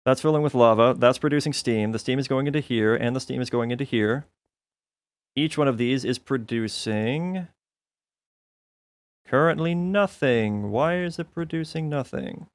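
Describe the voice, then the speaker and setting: A man's voice: mid-range voice, normal speed, no echo. A man streaming a modded building game, chatting casually and thinking aloud as he plays, often laughing at his own mistakes. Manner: self-mocking, thinking aloud, laughs at himself. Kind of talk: casual gameplay commentary.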